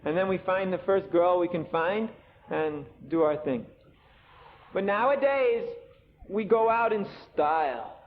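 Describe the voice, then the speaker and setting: High-voiced man in a tinny old recording. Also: a little slow. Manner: animated storytelling, sarcastic asides. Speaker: monk giving a scripture lecture. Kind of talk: sermon. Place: temple lecture hall. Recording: tinny lo-fi 1980 tape with faint hiss.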